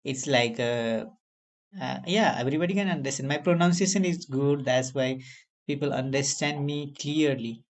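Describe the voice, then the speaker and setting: Man, Indian accent, second-language English, casual chat, earnest, encouraging, mid-pitched. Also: moderate pace. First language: not English. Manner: earnest, encouraging, non-native grammar.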